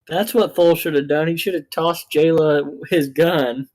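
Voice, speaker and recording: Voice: medium pitch, fairly even intonation, moderate pace, darkish tone, dry recording. A tabletop game player making wry, teasing remarks in casual chat.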